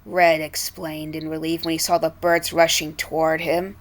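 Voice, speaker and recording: A woman's voice: on the low side, steady tone, a little slow, hardly any pauses. A woman reading a storybook aloud expressively, with small restarts now and then. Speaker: storybook reader.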